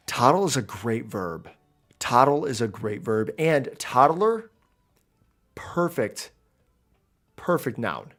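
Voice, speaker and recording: A man's voice: medium pitch, very animated, slow, long pauses, fairly bright tone, soft background music. A man giving casual, rambling commentary while streaming a game, chatty and self-interrupting, into a desk mic.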